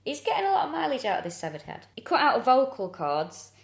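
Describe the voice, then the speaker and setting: A woman's voice: high-pitched, huge pitch swings, fast, gravelly, roomy sound. A woman co-hosting a comedy podcast, recounting events with dry, sarcastic asides. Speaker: podcast co-host. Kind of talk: casual comedic chat.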